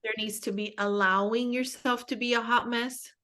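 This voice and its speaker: A woman's voice: fairly high pitch, fairly even intonation, moderate pace, bright, forceful tone. A young woman speaking as a guest in a casual spiritual conversation, telling stories candidly with self-mocking humor and many fillers.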